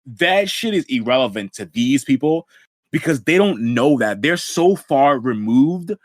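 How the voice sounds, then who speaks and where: A man's voice: mid-range voice, lively intonation, a little slow, no echo. A man co-hosting a podcast, chatting casually and profanely about an anime, full of slang and "bro". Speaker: podcast co-host.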